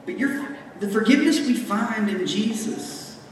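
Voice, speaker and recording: Heard from a distant mic in an echoey hall with faint room noise, a pastor gives a chatty sermon, cracking jokes and making asides while unpacking scripture. His voice is high-pitched and animated, at a measured pace.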